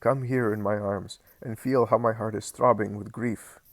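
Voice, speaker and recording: A man voicing a calm, tender male spiritual master with slow, solemn speech in a read-aloud story. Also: on the low side, dry recording.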